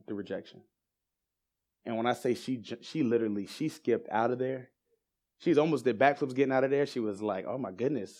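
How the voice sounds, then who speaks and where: A man preaching in church, telling testimonies in a storytelling way that builds into excited emphasis. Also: mid-range voice. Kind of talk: sermon testimony.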